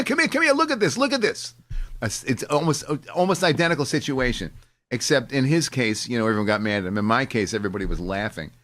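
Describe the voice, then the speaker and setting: A middle-aged man, hosting a casual chat show and telling stories with lively mimicking. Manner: animated storyteller, jumps into high mimicking voices. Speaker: host.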